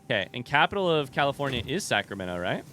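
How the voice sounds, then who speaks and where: A young man from the US streams a game with a very animated, fast, sharp medium-pitched voice, with slight background noise. Chatting casually with his viewers, he rambles, throws in joking asides, and interrupts himself mid-sentence.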